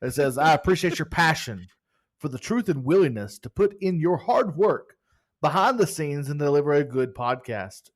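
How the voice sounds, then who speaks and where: A man's voice: on the high side, lively intonation, normal speed. A man co-hosting a podcast in casual chat, upbeat and joking while reading out listener reviews. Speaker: podcast co-host.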